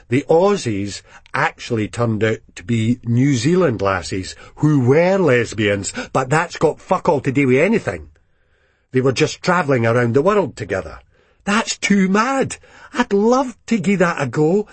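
A man with a Scottish accent reading a first-person story aloud in dialect, lively and expressive. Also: mid-range voice, slightly rough, dry recording. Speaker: reader.

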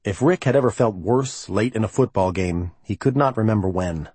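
A man reads a novel aloud as an audiobook narrator, keeping his scripted storytelling measured and even. His voice is fairly low and slightly rough, and the recording is dry.

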